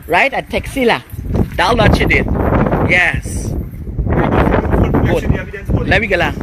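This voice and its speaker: An indignant man with a high-pitched voice vlogs on the go from a vehicle. Loud traffic noise surrounds him the whole time. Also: animated, takes it slowly. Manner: indignant, talks while riding in traffic. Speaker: community worker. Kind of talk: on-the-go vlog.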